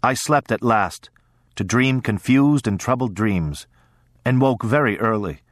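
A man narrating a first-person story in a measured, even storytelling voice. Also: mid-range voice, dry recording, studio quality. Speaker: audiobook narrator. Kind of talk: scripted narration.

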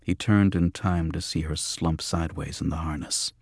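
A man narrating an audiobook in a measured, even storytelling manner. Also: very deep voice, husky, no echo, clean studio sound. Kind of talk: scripted narration.

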